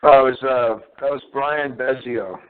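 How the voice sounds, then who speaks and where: A man on a talk show, speaking hesitantly with many pauses and fillers over the phone. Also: mid-range voice, fairly even intonation, clear, resonant tone. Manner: hesitant, full of "uh" and "you know". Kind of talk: casual call-in radio chat. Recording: tinny phone line.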